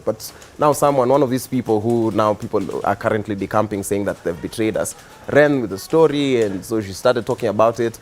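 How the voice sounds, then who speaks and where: A young man with a Kenyan accent, a guest on a talk show, telling his story in a relaxed, rambling way with many fillers. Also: medium pitch, brisk. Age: young adult. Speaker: guest, activist and musician. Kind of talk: casual interview storytelling.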